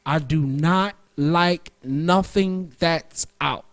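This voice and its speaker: A man with a notably high-pitched voice holds the mic alone on a radio show. His talk is loose street speech, heavy with profanity. He rambles and jumps from one topic to the next. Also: very slow, fairly bright tone. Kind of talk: casual solo monologue.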